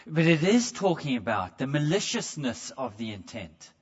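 A man's voice: fairly high pitch, sing-song, moderate pace, dull audio. A man preaching a sermon in a conversational way, stumbling over repeated words and putting questions straight to the congregation. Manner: asks the congregation direct questions.

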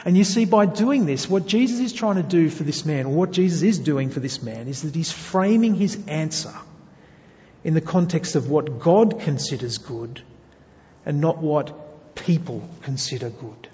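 A man's voice: fairly high pitch, expressive, moderate pace, warm tone. Earnest preacher man in a reverberant hall. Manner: earnest, uses rhetorical questions. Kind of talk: sermon. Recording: dull lo-fi sound with long hall reverb.

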